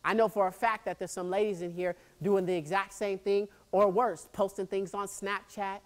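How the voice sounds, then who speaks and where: A man giving a motivational speech at a high school assembly, acting out scenes with sound effects and quizzing the students. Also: moderate pace. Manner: animated storyteller who acts out scenes, makes sound effects and quizzes the crowd. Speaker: motivational speaker.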